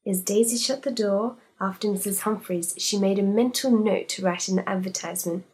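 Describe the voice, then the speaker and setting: Husky woman reading a storybook. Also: mid-range voice, fairly quick, darkish tone. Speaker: storybook reader. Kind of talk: scripted story narration.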